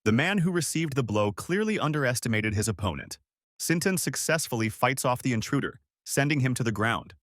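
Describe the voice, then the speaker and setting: Man, recap narrator, scripted storytelling, animated pitch, dry close mic. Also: fairly quick, dry recording. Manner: steady storytelling read.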